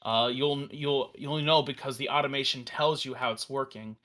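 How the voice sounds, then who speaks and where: A man casually walking through a software demo on a live stream, enthusiastic and rambling, with fillers and restarts. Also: medium pitch, steady tone, normal speed. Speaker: developer demoing a virtual tabletop.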